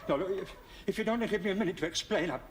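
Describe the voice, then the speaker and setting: An actor playing a timid, hen-pecked prison officer who stammers nervously and politely in a television sitcom. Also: male voice, sits high, racing, lightly acted. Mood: flustered. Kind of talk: 1970s TV sitcom acting. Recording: loud hiss from old TV audio.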